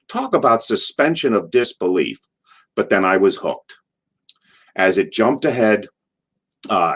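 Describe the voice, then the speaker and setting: Middle-aged guy w a lowish voice spinning old wrestling stories, rambly, keeps doing the yelling bits. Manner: animated, acts out quotes in a loud, drawn-out voice; rambling, with restarts and asides. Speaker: former wrestler being interviewed. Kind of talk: casual anecdotal storytelling.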